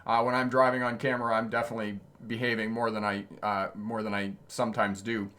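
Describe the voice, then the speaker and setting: This man's voice sits on the low side, fast and fairly bright with a level tone. Hosting his driving channel, he's a chatty instructor who tells road stories on a casual livestream, answers viewer comments, and laughs often mid-sentence.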